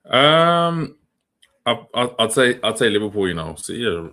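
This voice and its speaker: Brief: young streamer, very low voice, slangy and rambling, quizzes his chat. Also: measured pace, creaky, long pauses, pushed and bright. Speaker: livestream host. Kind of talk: casual reaction livestream chat.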